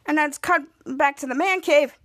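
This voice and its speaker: A woman podcast host giving a casual, halting recap of a TV episode, full of restarts and repeats. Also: high voice, a bit bright, no echo. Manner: halting, repetitive retelling with many restarts.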